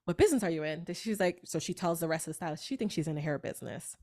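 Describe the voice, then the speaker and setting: A woman tells stories as a podcast guest. She talks fast and with a lot of emphasis, and her voice sits on the low side for a woman. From New York. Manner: fast-talking, animated, emphatic storyteller. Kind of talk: storytelling interview.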